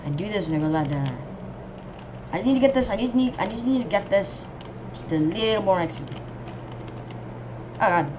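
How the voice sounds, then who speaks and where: A woman giving casual, rambling commentary on her gameplay, reacting excitably and yelping when enemies swarm her. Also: medium pitch, moderate pace, pauses often, noisy background. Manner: excitable, yelps and shrieks at enemies; rambling running reactions to the game. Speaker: gamer.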